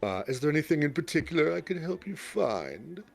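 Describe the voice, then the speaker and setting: A man's voice: on the high side, very animated, brisk, creaky, voice pushed up, exaggerated voice. A man voicing a flamboyant, rotund male magic shopkeeper in a fantasy game, with showy salesman patter. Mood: welcoming.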